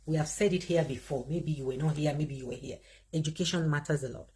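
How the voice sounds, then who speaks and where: A Nigerian woman hosting a livestream, commenting in an animated way and reading out viewer comments as she speaks straight to her audience. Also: deep voice, fast talker, slightly rough. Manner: animated, talks straight to viewers, laughs often. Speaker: livestream host.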